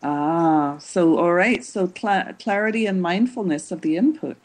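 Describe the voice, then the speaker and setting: A woman's voice: on the low side, unhurried, a little mellow. A woman hosting a casual podcast interview, asking curious questions and summing up her guest's points. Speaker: podcast host.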